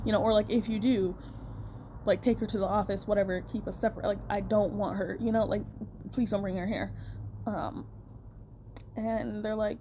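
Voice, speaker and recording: A woman's voice: medium pitch, fairly even intonation, a little fast, background noise. A young woman telling a personal story in a casual rant, blunt and heated, swearing a lot. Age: young adult.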